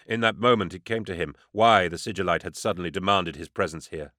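A man reading scripted narration in a steady, measured storytelling manner. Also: low voice, no room sound, studio quality. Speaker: audiobook narrator.

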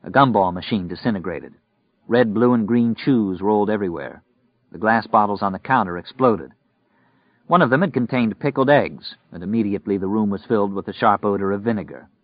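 A man reading a novel aloud in steady, measured scripted narration. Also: lowish voice, no room sound. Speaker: audiobook narrator. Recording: dry, muffled recording.

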